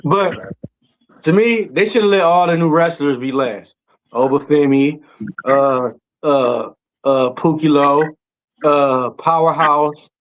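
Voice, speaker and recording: Man, casual chat, emphatic, repeats himself, halting fillers, fairly high pitch. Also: fairly even intonation, poor audio.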